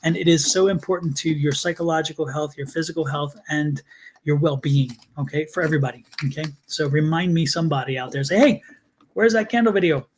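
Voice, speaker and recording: A man's voice: a little high, steady tone, fast, a little hiss or hum. A man giving live tarot readings on a stream, speaking earnestly and repeating himself as he calls on viewers by name. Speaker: tarot reader.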